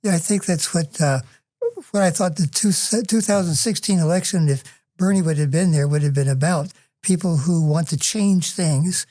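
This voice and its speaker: A professor on a casual panel talks at a mid pitch with a warm, mellow tone. The delivery is measured and a little hesitant, with fillers between thoughts. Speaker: history professor on a faculty podcast.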